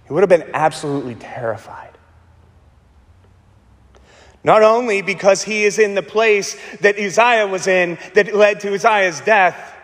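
Man, pastor, sermon, slightly high voice, long hall reverb, emphatic repetitions. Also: fairly bright tone. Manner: dramatic pauses, repeats words for emphasis.

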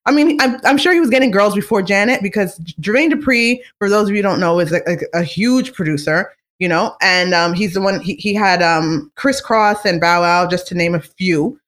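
A podcast host gossiping casually about celebrities, chatty and animated, with lots of fillers and restarts and easy laughter. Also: mid-range voice, a little fast, hardly any pauses.

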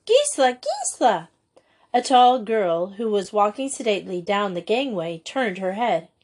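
A woman's voice: mid-range voice, normal speed, a little mellow. Woman reading a storybook aloud. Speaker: audiobook reader. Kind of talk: storybook narration.

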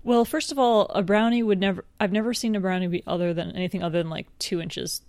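A woman's voice: medium pitch, fast, a little mellow, dry recording. A woman co-hosting a podcast in casual chat, teasing and laughing often. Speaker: podcast co-host.

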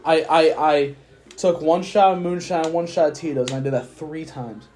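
A man's voice: on the high side, moderate pace, darkish tone, soft background music. A drunk young man rambling through a profane story on a casual podcast. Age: young adult. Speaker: podcast host. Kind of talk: casual chat.

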